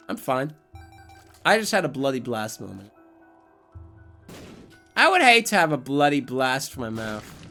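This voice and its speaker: A streamer chatting loosely over gameplay in a rambling, joking way and swearing freely. The pitch rises and falls a lot from line to line. Faint game music sits quietly underneath. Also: big pitch swings, a little slow, long pauses. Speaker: Twitch streamer. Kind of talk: casual live gameplay commentary.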